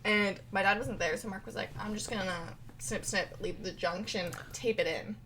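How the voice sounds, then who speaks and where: A young woman co-hosting a casual podcast on a headset mic, telling animated stories full of "like". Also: mid-range voice, normal speed, a little hiss or hum. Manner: animated storyteller, heavy filler 'like', bursts of laughter. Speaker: podcast co-host. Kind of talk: casual chat.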